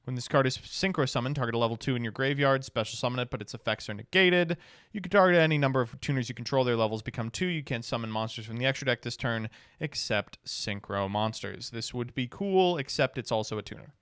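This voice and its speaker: Smooth-voiced man, wry streamer. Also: medium pitch, lively intonation, fairly bright tone, no echo, clean studio sound. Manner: wry, sighing, reads rules quickly then reacts. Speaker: streamer reviewing card game cards. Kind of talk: casual stream commentary, reading card text aloud.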